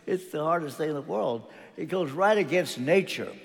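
An older man preaching a sermon, earnest and personal, telling a story with pauses and restarts. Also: on the high side, lively intonation, creaky, big-room sound.

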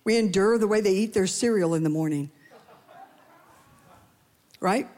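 A woman's voice: measured pace, darkish tone. Woman preaching conversationally. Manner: conversational, playful asides to the congregation; acts out quoted voices with rising pitch. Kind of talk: sermon.

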